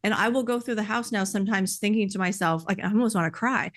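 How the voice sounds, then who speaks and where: A woman shares her own experience on a podcast in an earnest, heartfelt way. She talks in a mid-range voice, animated and open, and often fills her sentences with "like" and "you know.". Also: medium pitch, quick pace. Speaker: podcast speaker sharing personal experience. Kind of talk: earnest conversational podcast talk.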